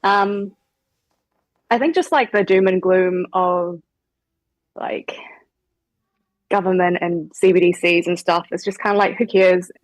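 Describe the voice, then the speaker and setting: A woman's voice: on the low side, measured pace, pauses often, dry recording, poor audio. A woman with a New Zealand accent, a guest chatting casually with lots of fillers. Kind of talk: casual chat.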